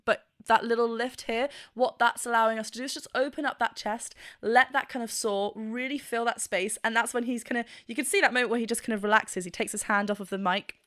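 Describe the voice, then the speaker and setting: Enthusiastic high-voiced woman vocal coach. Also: steady tone, brisk, hardly any pauses, fairly bright tone, no room sound, studio quality. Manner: enthusiastic, explanatory, breaks into sung demonstrations. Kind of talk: reaction video commentary.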